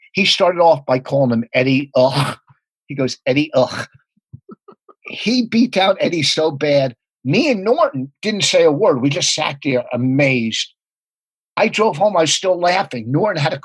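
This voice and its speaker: A man telling rapid, profane comedy anecdotes in a casual podcast chat. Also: on the high side, expressive, slightly rough, no room sound, rough recording. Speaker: comedian guest.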